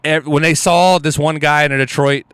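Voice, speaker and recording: Male podcast comedian, smooth voice, animated, foul-mouthed storyteller. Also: a little high, moderate pace, dry recording. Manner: animated, swearing, laughs often, jumps into loud shouted impressions. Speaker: guest comedian.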